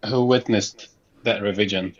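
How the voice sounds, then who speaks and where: A man's voice: lowish voice, steady tone, a little slow. Hesitant guy on the podcast, teases with questions, audio kinda muffled. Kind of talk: casual group chat on a call.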